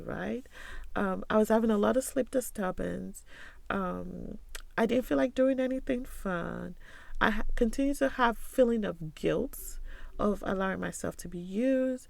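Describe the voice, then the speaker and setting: A woman's voice: mid-range voice, vocal fry, no room sound. A woman hosting a podcast, talking candidly and earnestly in a confiding way, often checking in with "right?" and "you know". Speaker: podcast host.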